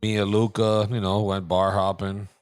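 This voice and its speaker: Relaxed joking man chatting on a podcast. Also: lowish voice, normal speed. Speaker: podcast co-host. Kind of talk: casual chat.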